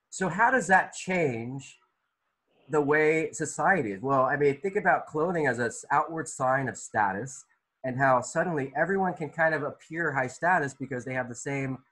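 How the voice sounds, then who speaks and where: A man's voice: on the high side, bright, forceful tone, poor audio. Man teaching an art class over video call. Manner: conversational, questioning students by name, many restarts. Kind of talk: online class discussion.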